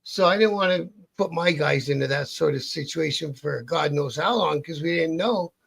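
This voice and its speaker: On the high side and gravelly, this man's voice is a bit bright with a breathy edge, at a moderate pace. He's a Canadian outlaw biker being interviewed, casually telling a rambling, profane story with many self-interrupting restarts.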